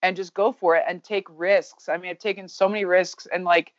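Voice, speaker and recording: A woman in her thirties, a baseball coach, talks as a guest in a candid, energetic way and swears casually. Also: lowish voice, brisk, no room sound, lo-fi sound. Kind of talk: candid podcast conversation.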